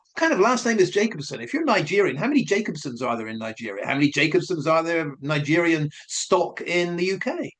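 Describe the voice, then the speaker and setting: A man talks through his suspicions in a loose, chatty commentary. His voice sits a little high and swings widely in pitch as he questions and repeats himself. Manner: questioning, speculative, repeats points. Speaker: commentary vlogger. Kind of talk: casual spoken commentary.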